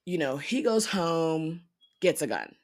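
A young woman casually recapping a TV episode, animated and profane, acting out characters' lines in paraphrase. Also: low voice, takes it slowly. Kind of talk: casual storytelling commentary.

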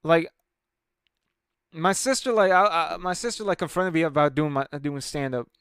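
A man's voice: a little high, normal speed, fairly bright tone, clear, resonant tone, no echo, clean studio sound. A man ranting casually to camera at home, heated and profane, rambling with many restarts about his stand-up comedy.

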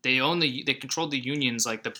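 Bright-voiced animated male podcaster. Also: mid-range voice, quick pace. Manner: animated, acts out movie lines in put-on voices. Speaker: podcast co-host. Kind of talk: casual chat.

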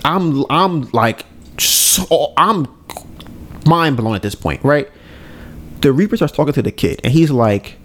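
A podcast host, a man, tells a story in a relaxed, chatty way. His voice sits a bit high, and he jumps up in pitch whenever he acts out someone's lines. He peppers his talk with quick "right?" checks. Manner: animated retelling, acting out characters' lines with rising pitch; frequent "right?" tag questions. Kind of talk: casual storytelling recap.

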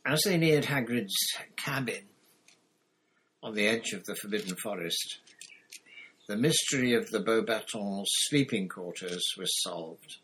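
A man reading a novel aloud in steady, measured scripted narration. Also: on the low side, slight background noise, rough recording. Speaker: audiobook reader.

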